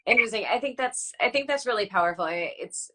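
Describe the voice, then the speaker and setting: A woman's voice: a little high, animated, fast talker, heavy background noise. A woman hosting an interview over a video call, reflecting on and affirming what her guest says. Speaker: podcast host. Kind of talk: casual interview chat.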